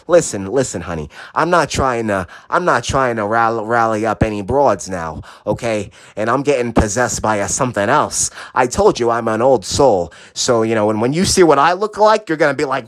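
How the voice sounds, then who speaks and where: A man rambles through a late-night podcast monologue, giggling, swearing freely and jumping between thoughts. His voice sits at a middling pitch and sounds dry and close, with no room around it. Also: animated, moderate pace, few pauses, fairly bright tone, dry recording. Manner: giggly, profane, scattered and self-interrupting. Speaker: podcast host.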